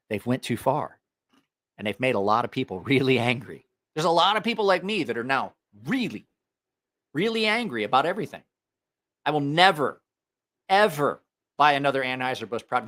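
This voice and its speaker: A man's voice: high-pitched, sharp tone. A man hosting a knife channel, delivering a heated, profane opinion rant to the camera. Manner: angry, profane ranting.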